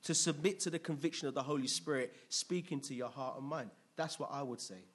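A man preaching a sermon in a conversational, lively way, asking the congregation questions. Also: mid-range voice, a little fast, breathy edge.

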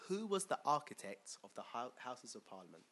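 Bright-voiced preacher. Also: male voice, mid-range voice, sing-song, brisk. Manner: chatty, asks the crowd questions, chuckles often. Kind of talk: conversational sermon with questions to the congregation.

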